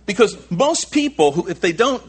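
Animated husky-voiced male pastor preaching. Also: high voice, moderate pace. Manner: emphatic preaching, with frequent repeats and asides. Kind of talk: sermon.

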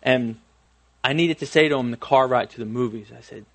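A man's voice: mid-range voice, a little fast, fairly bright tone. A man in his thirties preaching a conversational sermon on parenting, self-deprecating, with frequent restarts and friendly asides. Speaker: pastor.

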